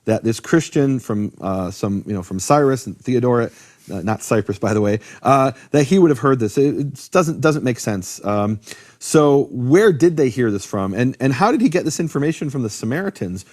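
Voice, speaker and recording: A man teaching in a conversational lecture about biblical names, animated, posing rhetorical questions and often restarting his sentences. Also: mid-range voice, moderate pace. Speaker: Bible teacher explaining Hebrew names.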